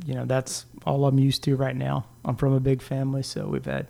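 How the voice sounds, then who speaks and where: A man's voice: mid-range voice, flat delivery, a little fast, vocal fry, mellow. A man in his thirties co-hosting a podcast, talking in a laid-back, rambling way and laughing often. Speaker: podcast co-host. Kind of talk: casual chat.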